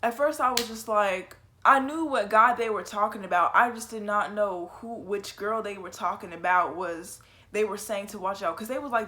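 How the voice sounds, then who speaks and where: Bright, animated young woman telling a story. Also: medium pitch, moderate pace. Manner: animated, profane and slangy. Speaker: storytelling vlogger. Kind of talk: casual storytime.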